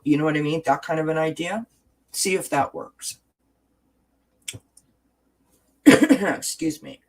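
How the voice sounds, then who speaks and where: A woman's voice: low-pitched, lively intonation, slow pace, pauses often, slightly rough. A woman hosting a casual livestream, reading viewer comments and talking through self-help ideas with frequent restarts and tag questions.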